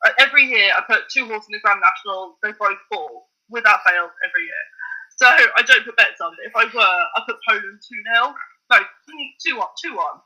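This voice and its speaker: A man chatting on a podcast with a high, very bright and sharp voice. He tells animated anecdotes and breaks into laughs as he talks. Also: a little fast, poor audio. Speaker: podcast co-host. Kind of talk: casual chat.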